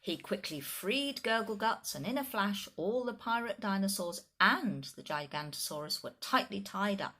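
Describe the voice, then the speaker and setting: Woman storyteller reading a picture book to kids, lively and a bit husky. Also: mid-range voice, moderate pace, few pauses. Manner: animated storytime narration, chatty asides to children.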